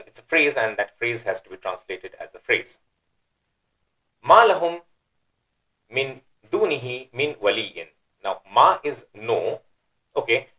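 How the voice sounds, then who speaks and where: A man's voice: medium pitch, fairly bright tone, low-quality recording. A man teaching a Quran verse, methodically explaining word choices and thinking aloud as he weighs the options.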